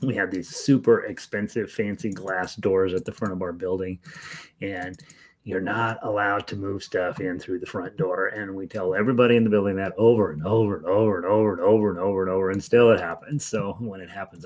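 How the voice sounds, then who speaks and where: A man with a slightly low, nasal voice that he himself likens to a frog. He talks in a loose, rambling way, greeting viewers by name as he gets an online harmonica class going from home. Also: steady tone, a little fast. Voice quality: nasal, self-described as frog-like. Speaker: online music teacher. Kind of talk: casual livestream class chat. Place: home, in Denver.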